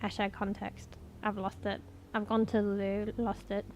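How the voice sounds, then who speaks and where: A woman's voice: mid-range voice, flat delivery, moderate pace, darkish tone, slight background noise. A young Australian woman streaming, chatting casually with viewers and swearing freely as she talks. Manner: chatty, swears casually, reads chat aloud. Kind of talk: casual live-stream chat.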